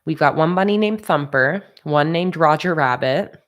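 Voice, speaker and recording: In this livestream chat, a woman draws stickers and reads her viewers' comments aloud, laughing easily. Her voice is low and she speaks at a normal speed.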